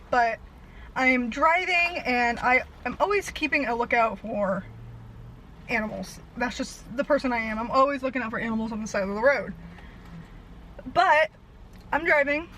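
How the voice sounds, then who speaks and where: A young woman vlogger telling a rambling story fast and out of breath, laughing at herself. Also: a little high, a bit bright, slight background noise, low-quality recording. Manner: breathless, fast-talking, self-deprecating.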